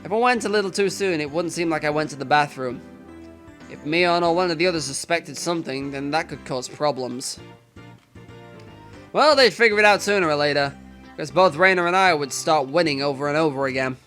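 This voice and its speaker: A young man with a northern English accent reading a visual novel aloud, animated and self-mocking. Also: a little high, fairly quick, soft background music. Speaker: let's player.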